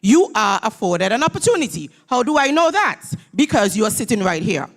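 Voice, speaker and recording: A woman gives a graduation speech in a church hall, her fairly high voice sing-song and a little fast. Emphatic and motivational, she draws the crowd into call-and-response.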